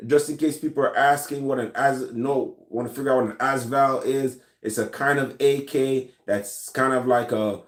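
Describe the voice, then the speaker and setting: Relaxed Jamaican man in an echoey room. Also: mid-range voice, moderate pace, few pauses. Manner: relaxed, rambling, many fillers and restarts. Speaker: channel host answering viewer comments. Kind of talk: casual live chat. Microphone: recorded in a room with his gun collection.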